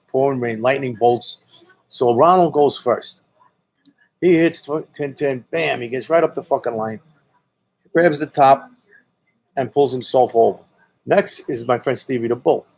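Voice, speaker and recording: A Brooklyn, New York man with a Brooklyn accent tells a casual story in a blunt, profane, rambling way, saying "you know" constantly. His voice is medium-pitched with a darkish tone, and the recording is low quality.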